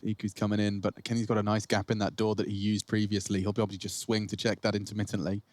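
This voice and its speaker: A man's voice: lowish voice, monotone, fast talker, a little mellow, no room sound. A man giving playful, teasing color commentary on a competitive shooter match.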